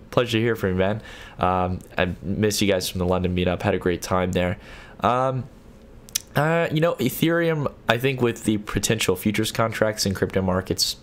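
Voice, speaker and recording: A young man's low voice carries over a slight hiss or hum as he hosts a late-night livestream. He casually reads out viewer messages and responds, his speech halting with frequent restarts.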